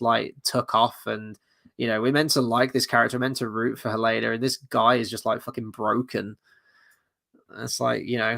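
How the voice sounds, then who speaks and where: A man's voice: medium pitch, vocal fry, a bit bright. A man hosting a film review, ranting casually and bluntly, profane and rambling with many restarts, tired late at night.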